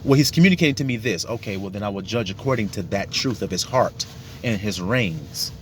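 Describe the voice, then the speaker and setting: A man's voice: on the low side, animated, fairly quick, slight background noise. A man giving a casual, profane sermon, acting out little dialogues to make his points. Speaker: religious teacher.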